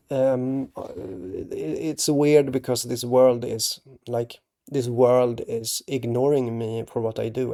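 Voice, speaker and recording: This is a man speaking to camera on his own channel. His delivery is slow and hesitant, full of restarts and tag questions. His voice is mellow and dark, with a gravelly fry underneath. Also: mid-range voice. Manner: halting, earnest, with many restarts and tag questions. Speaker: artist and channel host. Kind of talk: casual talk to camera.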